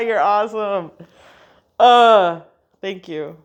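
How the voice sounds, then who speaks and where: A woman's voice: medium pitch, expressive, extremely slow, pauses often, far from the mic, lo-fi sound. A woman reacting as a chiropractic patient, exclaiming and laughing between her words in a clinic treatment room. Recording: echoey room.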